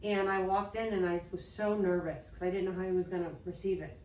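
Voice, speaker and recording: A woman's voice: mid-range voice, fairly even intonation, quick pace, a little mellow, reverberant, far from the mic, poor audio. A woman co-hosting a podcast, talking earnestly and openly about her late father and grief. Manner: earnest, open, loses her train of thought. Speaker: podcast co-host. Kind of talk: heartfelt conversation about grief.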